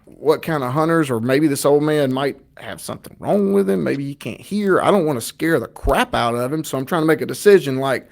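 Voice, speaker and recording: A man's voice: on the high side, a little fast, creaky, hardly any pauses. A man, a podcast co-host telling a long, rambling hunting story in casual chat. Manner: animated, rambling storyteller with fillers.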